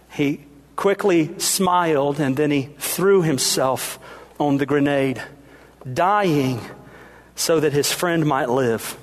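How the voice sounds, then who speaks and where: A male pastor delivering a sermon, telling a story earnestly and appealing to his congregation. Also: high voice.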